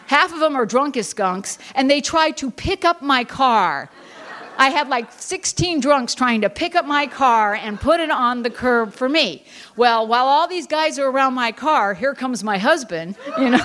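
A woman's voice: sits high, lively intonation, moderate pace, a bit bright. A middle-aged woman telling a long, rambling personal story at an Al-Anon meeting, full of fillers and restarts. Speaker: Al-Anon speaker. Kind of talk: personal recovery talk.

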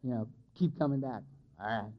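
A man of medium pitch speaks briskly. He's giving a personal testimony to a live audience at a recovery meeting, open and self-mocking, and the audio is dull and lo-fi.

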